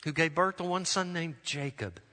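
In a church sanctuary, a pastor preaches earnestly with a bright, forceful voice pitched a little high. He slows down to press his points, and a long reverb trails after his words.

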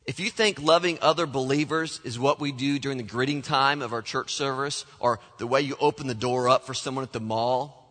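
A man delivers a sermon from the pulpit with a bright, forceful voice, lively and animated as he acts out the voices he quotes. His words ring out with a long reverb, as if spoken in a large church sanctuary. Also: mid-range voice, fairly quick, few pauses. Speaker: pastor.

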